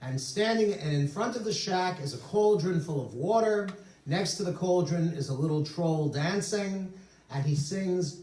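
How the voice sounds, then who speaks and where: A man preaching as a rabbi, telling stories and slipping in jokes. His voice sits somewhat high and swings widely in pitch. He is recorded from across a roomy, echoing synagogue sanctuary. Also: lively intonation, unhurried, a little mellow, recorded from a distance. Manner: storytelling with humorous asides. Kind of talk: sermon.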